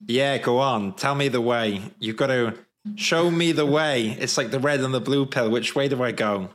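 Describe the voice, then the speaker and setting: A man with a Welsh accent hosting a casual video-call chat, jokey and self-deprecating, easily excited. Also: mid-range voice, normal speed.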